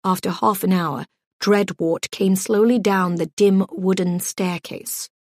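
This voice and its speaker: A woman narrating an audiobook in a measured, gently expressive storytelling voice. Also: mid-range voice, no room sound, studio quality.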